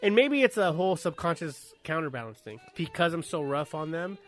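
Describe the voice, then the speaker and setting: A man in his thirties chatting casually, telling a profane, animated story and acting out quotes. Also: a little high, fairly quick, faint music behind. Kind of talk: casual chat.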